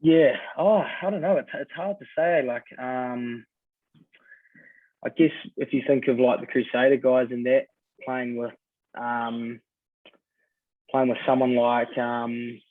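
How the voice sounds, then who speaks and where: A New Zealand man in his twenties, a podcast guest telling stories in a relaxed way, full of ums and sort-ofs. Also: medium pitch, a little slow, long pauses, no room sound. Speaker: guest rugby player. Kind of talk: casual podcast chat. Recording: dry, tinny phone-like sound.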